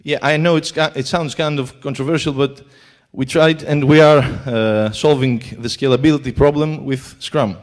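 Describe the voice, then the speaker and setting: A man's voice: medium pitch, steady tone, normal speed, few pauses. Greek-accented man giving a conference talk. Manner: hesitant, many fillers. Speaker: conference speaker. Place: conference hall.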